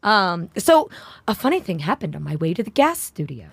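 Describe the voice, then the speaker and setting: A young woman, co-hosting a podcast and telling a long story in a rambling, animated way. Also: lowish voice, normal speed, gravelly, breathy edge, no echo. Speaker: podcast co-host. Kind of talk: casual comedic chat.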